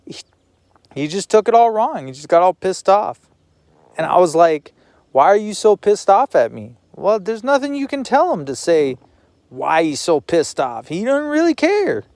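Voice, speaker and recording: A man's voice: high-pitched, sing-song, moderate pace, darkish tone, no room sound. A man talking to the camera in a rambling personal monologue, repeating words and swearing now and then.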